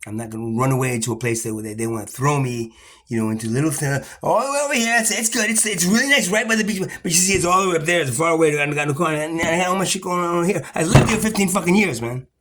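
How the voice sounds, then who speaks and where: Profane, rambling man ranting to camera, husky voice, agitated, restarts a lot. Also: a little high, fast talker, a bit bright.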